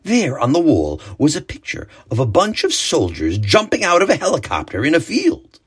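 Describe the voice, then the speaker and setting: A man narrating a children's story in an expressive, animated read-aloud way. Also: a little high, normal speed, husky.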